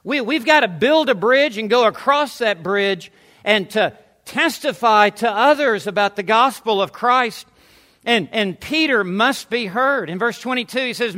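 Bright high-voiced emphatic preacher man. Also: expressive, a little slow. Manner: emphatic, repeats words for stress, asides with jokes. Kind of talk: sermon.

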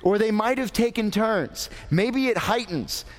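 A man's voice: sits high, lively intonation, unhurried. Man preaching a sermon in a reverberant hall. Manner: conversational, joking asides to the congregation.

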